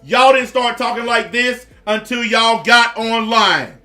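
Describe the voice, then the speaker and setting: A man's voice: very high voice, unhurried, pushed and bright, soft background music. A man giving blunt, profane reaction commentary in a repetitive rant.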